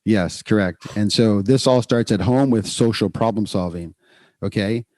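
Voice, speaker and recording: A man hosting a podcast, explaining child behavior training in a casual, animated way and acting out what parents and kids say. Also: on the low side, moderate pace, dry recording, clean studio sound. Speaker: podcast host, clinician.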